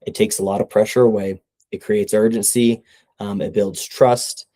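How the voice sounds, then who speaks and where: A man's voice: on the low side, steady tone, moderate pace, mellow. A young man giving casual sales coaching, talking conversationally and often checking in with "right?". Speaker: sales trainer.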